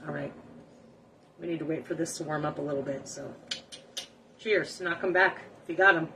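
A woman's voice: low voice, normal speed, bright, forceful tone, slight background noise, rough recording. A middle-aged woman chatting to viewers during a live cooking stream from her small home kitchen. She talks casually and is self-deprecating, sounding exasperated by her setup and recording on her phone. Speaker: cooking livestream host.

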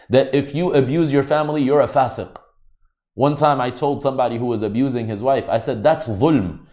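A man's voice: mid-range voice, mellow. A man giving a religious lecture, explaining Arabic terms in an earnest teaching manner.

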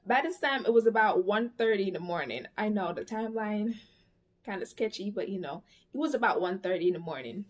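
A young woman, telling a storytime vlog in a casual, animated, slangy way, with a lot of cussing. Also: medium pitch. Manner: animated, slangy, cussing, quotes people in quick bursts. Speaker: vlogger.

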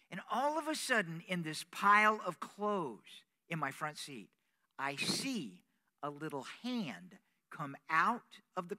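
Animated, bright-voiced male preacher. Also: high voice. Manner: animated, with vocal sound effects. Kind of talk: sermon storytelling.

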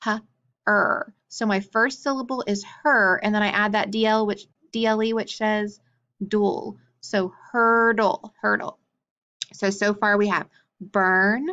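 Slow, deliberate woman teaching phonics. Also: mid-range voice, sharp tone, dull audio. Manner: sounds out words syllable by syllable, drilling letter cards.

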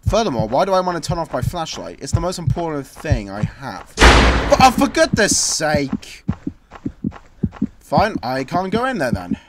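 A man's voice: a little high, very animated, moderate pace, very noisy. A man commenting on a horror game as he plays, grumbling sarcastically and breaking into sudden screams. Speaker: gameplay commentator.

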